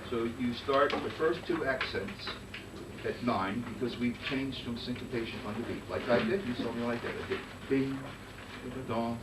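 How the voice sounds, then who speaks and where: A man teaching a conducting master class, giving brisk coaching commands and singing phrases in nonsense syllables. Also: medium pitch. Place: rehearsal room with band. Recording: roomy distant recording with noise.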